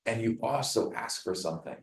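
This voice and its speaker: A man leading his team in a meeting. He coaches them in a lively way and acts out dialogue with clients. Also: on the low side, fairly quick, reverberant, rough recording. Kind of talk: meeting talk. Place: meeting room.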